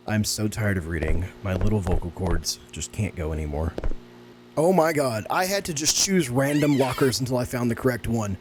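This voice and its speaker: A man giving excitable, sarcastic let's-play commentary on a horror game as a gaming YouTuber. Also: lowish voice, brisk, slight background noise.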